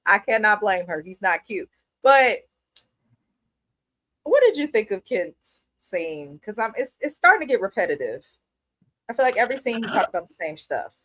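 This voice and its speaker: A woman's voice: mid-range voice, big pitch swings, normal speed, pauses often, a bit bright. A woman giving blunt, opinionated, profane commentary while reviewing a reality TV episode. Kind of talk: casual commentary.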